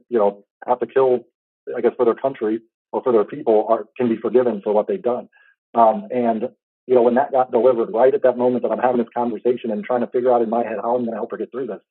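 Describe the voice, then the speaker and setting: A man in his thirties telling a heartfelt personal story in a casual, halting way, full of restarts. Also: mid-range voice, no echo, narrow, tinny audio. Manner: fast, halting, with many restarts and fillers; earnest, heartfelt. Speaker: podcast host.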